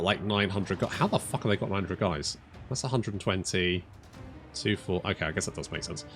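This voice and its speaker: Lively man commenting on a strategy game. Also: medium pitch. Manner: thinks aloud, restarts phrases, casual swearing. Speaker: strategy game let's player. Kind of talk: casual gameplay commentary.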